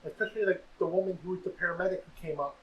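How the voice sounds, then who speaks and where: A man in a casual podcast discussion, agreeing quickly and then pressing firm counterpoints. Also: sits high, steady tone, dull audio, crowd noise. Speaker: podcast co-host.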